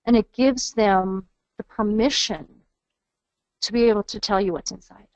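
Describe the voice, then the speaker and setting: A woman's voice: medium pitch, fairly even intonation, measured pace, darkish tone, no room sound. Woman coaching over dull webinar audio. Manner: earnest, coaching, models phrases aloud. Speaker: trainer. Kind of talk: webinar training lecture.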